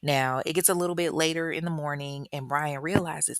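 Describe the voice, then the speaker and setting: A woman host telling a true crime story casually, profane and slangy, with animated reactions. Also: deep voice, brisk, no room sound, studio quality.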